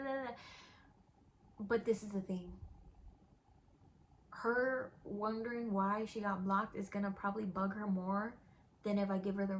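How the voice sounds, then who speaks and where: A woman's voice: medium pitch, a little hiss or hum. A young woman and YouTuber telling a storytime in a casual, candid way, dropping "like" and "girl" often. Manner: chatty, candid, with frequent "like" and "girl".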